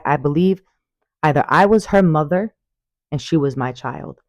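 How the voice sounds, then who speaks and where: A woman talking casually to her viewers about spirits, animated and emphatic, repeating phrases and calling listeners "baby". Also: a bass voice, no room sound. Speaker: spiritual vlogger. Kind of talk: casual storytelling monologue. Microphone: phone.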